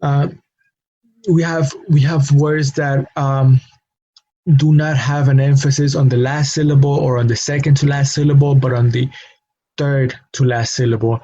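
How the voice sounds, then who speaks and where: A man teaches pronunciation rules, pausing often with fillers and repeating each example word. His voice is mellow and husky and stays flat in pitch. The recording sounds dull and lo-fi. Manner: slow, hesitant with many fillers, repeats example words. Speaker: Spanish teacher.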